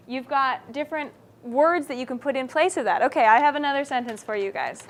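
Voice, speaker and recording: High-pitched female teacher, animated classroom delivery, keeps checking in with her students. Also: normal speed, a little hiss or hum. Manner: animated, checks understanding often. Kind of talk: classroom writing lesson.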